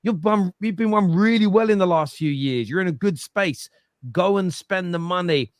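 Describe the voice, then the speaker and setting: A man's voice: high-pitched, normal speed, dry recording, studio quality. A man giving football opinions on a fan show, emphatic and lecturing, often repeating himself. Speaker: football pundit. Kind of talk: animated football opinion talk.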